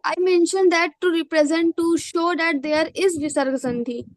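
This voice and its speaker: High-voiced woman teaching online. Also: fairly even intonation, moderate pace, no room sound, low-quality recording. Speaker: grammar teacher. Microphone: video call.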